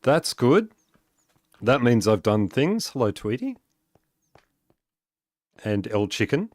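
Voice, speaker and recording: Slow, rambling man streaming. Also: medium pitch, sing-song, darkish tone, dry recording. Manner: rambling, with many fillers and restarts; chuckles often while talking. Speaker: live streamer. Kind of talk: casual gaming live stream chat.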